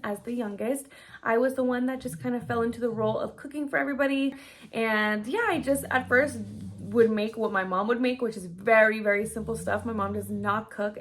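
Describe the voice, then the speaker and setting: A young woman chatting her way through a makeup tutorial and Q&A, bubbly and chatty, sometimes whispering asides. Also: fairly high pitch. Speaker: beauty vlogger. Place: home room lit by ring lights.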